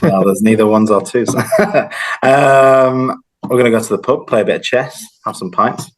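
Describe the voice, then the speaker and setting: A man in his thirties from northern England chatting casually as a guest on a video call, relaxed and rambling with plenty of fillers. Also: medium pitch, unhurried, low-quality recording. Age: 30s. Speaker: guest, host's childhood friend. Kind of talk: casual chat.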